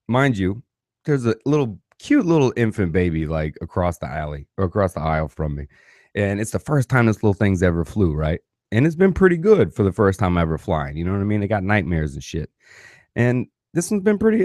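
Animated, swearing man telling a story. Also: sits low, no room sound, clean studio sound. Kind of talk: casual profane storytelling.

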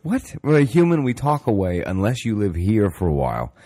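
A man's voice: lowish voice, very animated, brisk, dark tone, no echo, studio quality. A man in casual chat as a podcast co-host, laid-back and swearing freely.

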